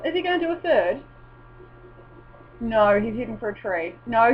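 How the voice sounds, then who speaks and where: A young woman vlogging in casual, rambling chat, swearing and breaking into excited exclamations. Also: on the high side, normal speed, long pauses, husky. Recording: dull lo-fi with faint mains hum.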